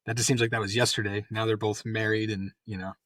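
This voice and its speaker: A man's voice: lowish voice, flat delivery, fast, a bit bright, dry recording, studio quality. A man in his fifties, a retired army colonel, telling rambling anecdotes full of fillers in a casual interview. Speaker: guest, retired Special Forces colonel.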